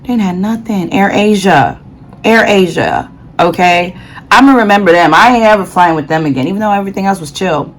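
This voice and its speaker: A young adult woman telling a casual travel story in a chatty, animated way, full of slang and dramatic asides. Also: medium pitch, quick pace, rough recording. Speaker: vlogger.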